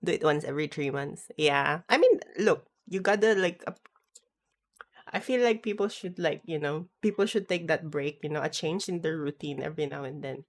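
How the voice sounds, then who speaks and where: A woman's voice: low voice, normal speed. A woman streamer chatting casually and ramblingly as she reacts to a video, swearing freely. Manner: rambling, swears freely, loud bursts when riled up.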